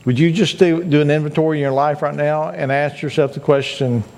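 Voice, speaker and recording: A man's voice: fairly high pitch, fairly even intonation, fairly quick, hardly any pauses, a little mellow. A male pastor preaching a sermon, earnest and repeating his points to urge listeners. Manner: earnest, repetitive exhortation.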